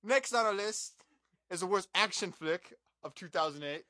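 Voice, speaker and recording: Young male podcast co-host, high bright voice, dry close mic, crude ranting banter. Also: expressive, normal speed, dry recording. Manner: loud, profane, joking rants. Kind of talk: crude casual movie-review banter.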